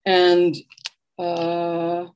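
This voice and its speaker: A middle-aged woman, a book author and interview guest, telling lively anecdotes in a relaxed conversational way. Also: lowish voice, drawn-out words. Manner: animated anecdotal storyteller, warm laughs.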